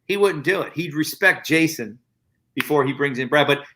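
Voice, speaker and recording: A man's voice: fairly high pitch, moderate pace, a bit bright. A man co-hosting a casual chat, telling backstage anecdotes. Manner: chatty anecdote teller. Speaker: co-host, manager.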